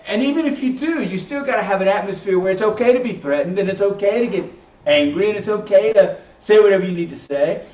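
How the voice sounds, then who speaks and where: A man's voice: high voice, a little mellow. A man teaching a church class in a casual, repetitive way, restarting phrases and tagging points with "right?". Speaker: ministry teacher. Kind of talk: recorded teaching session. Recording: roomy, distant, dull lo-fi audio.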